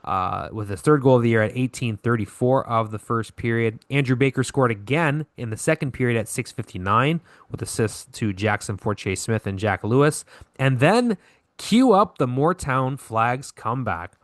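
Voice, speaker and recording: A man's voice: medium pitch, animated, normal speed, dry recording, clean studio sound. A man co-hosting a podcast, recapping hockey scores in a casual way and correcting himself with lots of fillers. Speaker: podcast co-host.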